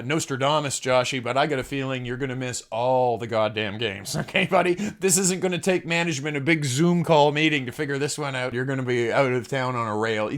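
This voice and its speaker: A man hosting a comedic sports monologue, crude and sarcastic, who swears freely and chuckles at his own jokes. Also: fairly high pitch. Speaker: host.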